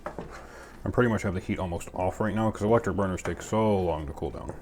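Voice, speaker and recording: A man's voice: low voice, fairly quick, a little mellow, slight background noise. A man hosting a casual cooking video, chatting in a goofy, self-mocking way as he makes a sauce in his home kitchen. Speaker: cooking channel host.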